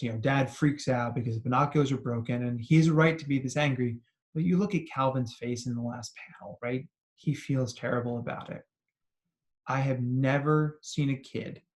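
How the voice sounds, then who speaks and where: A psychologist presenting a recorded talk to educators, telling stories in an earnest, conversational way and often adding "right?". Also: male voice, mid-range voice. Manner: earnest and encouraging. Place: remote talk, not in person.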